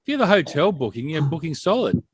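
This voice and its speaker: A man co-hosting a podcast, telling stories in blunt, animated casual chat. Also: a little high, quick pace, a loud crowd. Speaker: podcast co-host.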